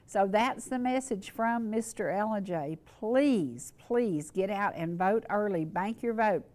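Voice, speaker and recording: A woman's voice: mid-range voice, a little slow, darkish tone. Female talk show host, earnest and emphatic, repeats herself for stress. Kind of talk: casual local talk show monologue.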